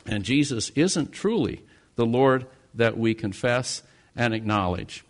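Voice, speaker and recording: A man's voice: mid-range voice, expressive, unhurried. A man from the United States preaching a sermon, earnest, with rising and falling emphasis. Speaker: pastor.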